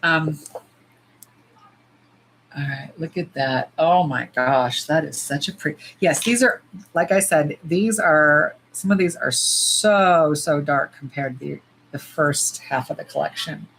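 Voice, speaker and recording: Middle-aged woman, lower voice, casual livestream chat, blunt and profane, faint background noise. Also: a little slow, creaky, poor audio. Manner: blunt, profane and animated, jumping to loud squeals. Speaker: nail polish livestream host.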